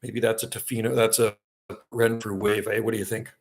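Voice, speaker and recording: A man's voice: fairly low pitch, little pitch movement, a little fast. A middle-aged man chatting casually on a livestream from a seaside vacation home, rambling and laughing often.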